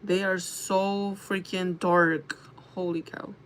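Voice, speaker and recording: A woman's voice: fairly low pitch, flat delivery, slow. Chatty young woman livestreaming makeup. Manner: rambling, filler-heavy storytelling. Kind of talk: casual chat while doing makeup.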